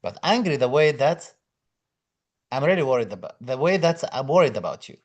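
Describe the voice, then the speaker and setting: A man's voice: mid-range voice, expressive, a little fast. Chatty male lecturer greeting his students. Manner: chatty, greets viewers by name, reads out comments; non-native English phrasing with fillers. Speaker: exam prep lecturer. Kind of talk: casual live-stream chat with students.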